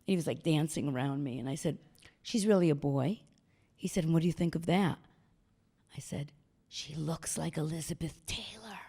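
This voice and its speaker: Older lady on stage spinning stories, lowish voice, bounces into other people's voices. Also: fairly quick, pauses often, husky. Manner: animated storyteller acting out quoted voices. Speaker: guest speaker. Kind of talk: storytelling talk. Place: stage talk before an audience.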